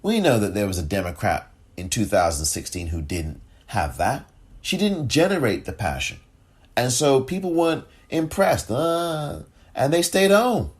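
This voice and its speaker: A man giving impassioned political commentary, angry and sarcastic, often rising in pitch as he rants.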